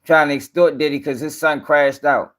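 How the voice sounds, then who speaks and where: A man's voice: fairly high pitch, level tone, normal speed, a bit bright. A man hosting a live-stream news show, ranting in casual, profane, rambling talk and sounding tired.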